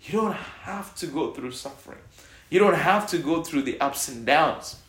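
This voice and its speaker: A man preaching a sermon as pastor, calling out lines for the congregation to repeat and swinging between loud exhortation and soft reassurance. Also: a little high, lively intonation, moderate pace. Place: church hall. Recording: echoey church hall.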